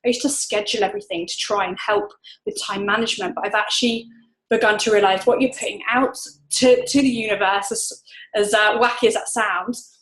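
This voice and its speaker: A woman's voice: mid-range voice, fairly even intonation, fairly quick, fairly bright tone, rough recording. A woman gives casual advice from home. She talks in an upbeat, chatty way, with plenty of fillers and restarts. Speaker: interviewee, network marketer. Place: home room.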